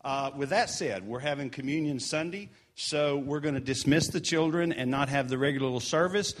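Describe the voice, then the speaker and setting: A man's voice: mid-range voice, a little fast. A man giving casual church announcements during a service in a sanctuary, earnest and encouraging with chatty asides.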